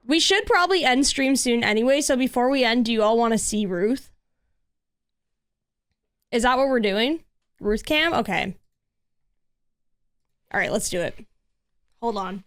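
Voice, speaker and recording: A woman streaming a video game in casual chat, cooing over cute cats and lapsing into soft baby talk to her pet. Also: on the high side, no echo. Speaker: livestreamer. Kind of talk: casual gameplay livestream chat.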